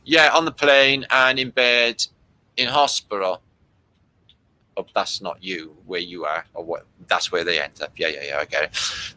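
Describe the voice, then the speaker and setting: Sweary man, bright voice, rambling. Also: lowish voice, animated, moderate pace, dry recording, rough recording. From Britain. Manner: rambling, sweary, reads out chat comments. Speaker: livestream host. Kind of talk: casual livestream chat with viewers.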